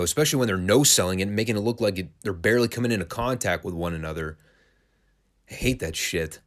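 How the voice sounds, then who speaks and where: A man giving a blunt, opinionated solo review of a wrestling show, swearing casually as he talks. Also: lowish voice.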